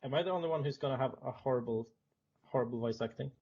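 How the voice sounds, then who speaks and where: A man's voice: mid-range voice, quick pace, a little mellow, husky. A man playing in an online tabletop game while streaming, joking and swearing freely as he talks to his chat. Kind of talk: casual online tabletop session. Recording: muffled lo-fi voice chat.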